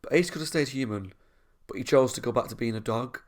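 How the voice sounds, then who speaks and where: A man's voice: medium pitch, fast. A young man, chatting enthusiastically and a little ramblingly as he ranks episodes. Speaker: YouTube reviewer. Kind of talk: casual chat.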